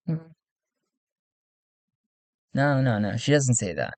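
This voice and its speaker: A man's voice: medium pitch, expressive, takes it slowly, pauses often, no echo. A man casually narrating a solo role-play game, rambling with self-mocking asides.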